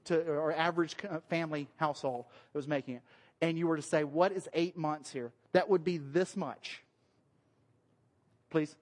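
A man, a pastor giving a relaxed, conversational sermon in church, cracking jokes. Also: on the high side. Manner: conversational, joking, acts out quoted voices. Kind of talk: casual sermon with slides.

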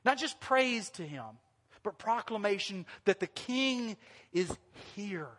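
A man preaching a sermon as pastor, animated and lively, sometimes breaking into loud sung lines. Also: high-pitched, takes it slowly. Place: church hall. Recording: long hall reverb.

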